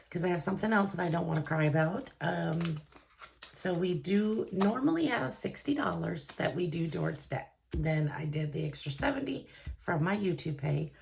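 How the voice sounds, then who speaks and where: A woman's voice: lowish voice, a little mellow, slight background noise. A woman budgeting vlogger chatting casually to camera, gushing and emotional, with a lot of fillers. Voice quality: gravelly, creaky voice.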